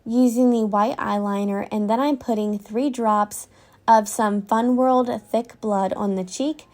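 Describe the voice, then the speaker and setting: A woman narrating a makeup tutorial in a calm, step-by-step scripted voice-over. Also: a little high, a little slow.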